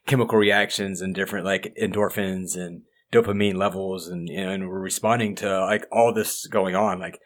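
Male host in his thirties, lowish voice, chatty, animated storytelling. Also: moderate pace, hardly any pauses. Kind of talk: casual podcast chat.

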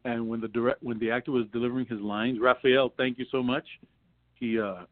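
A man's voice: medium pitch, flat delivery, brisk. A man, an actor guest, telling rambling anecdotes in a casual interview, full of restarts and laughs. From New York. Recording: tinny phone-like line.

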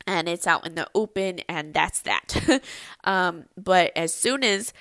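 A young adult woman shares a personal story on her podcast in a loose, chatty way, filling pauses with ums and likes. Her voice sits low with a gravelly fry. The sound is close and dry, with no room echo. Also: lively intonation, fairly bright tone. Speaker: podcast host.

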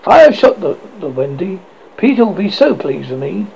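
A reader voicing an earnest, guilty young boy in a storybook, his voice pitched up and shaky, in a dull lo-fi recording. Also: very animated, moderate pace, creaky, mellow, breathy edge, full character voice. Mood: proud.

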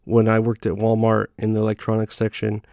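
Mellow, laid-back man telling crude stories. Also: fairly low pitch, completely flat delivery, fairly quick, creaky, dry recording, clean studio sound. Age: adult. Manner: laid-back, profane, rambling with fillers. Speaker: comedy podcast host. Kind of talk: casual comedic storytelling.

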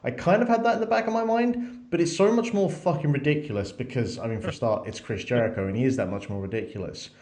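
A man co-hosting a podcast in a casual, excitable, swearing chat. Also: mid-range voice, quick pace, few pauses, roomy sound. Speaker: podcast co-host.

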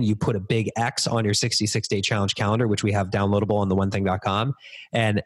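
A man in his thirties, a podcast guest, telling stories in an energetic conversational way. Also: on the low side. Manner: energetic, acts out quoted dialogue. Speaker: podcast guest, business speaker. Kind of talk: conversational storytelling interview.

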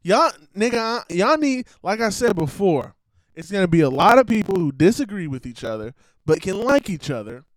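Profane male streamer with a slightly raised pitch and a dry close sound, rambling and blunt. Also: very animated, moderate pace, dry recording, low-quality recording. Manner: blunt, profane, laughs between rambling asides.

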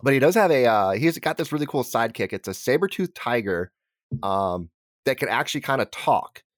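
A man chatting casually on a podcast, explaining things with many pauses and ums. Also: mid-range voice, lively intonation, no room sound, clean studio sound. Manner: hesitant, lots of ums and restarts. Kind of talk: casual chat.

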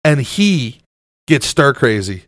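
A man's voice: mid-range voice, big pitch swings, takes it slowly, dry recording, clean studio sound. A man from New Jersey, a podcast host, ranting in crude, casual banter and mocking others in put-on voices.

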